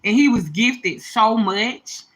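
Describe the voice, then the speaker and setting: A woman's voice: a little high, lively intonation, slow, a bit bright. A woman talking casually and emphatically to her viewers on a livestream, a mother speaking with slangy directness and some tears in her voice. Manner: emphatic, heartfelt, slangy, talks straight to viewers. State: a little teary.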